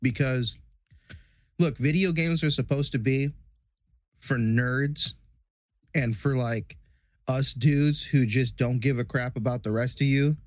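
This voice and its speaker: A man's voice: mid-range voice, takes it slowly, long pauses, no echo. A young man co-hosting a podcast in casual chat, giving blunt, mock-ranting takes. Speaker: podcast co-host.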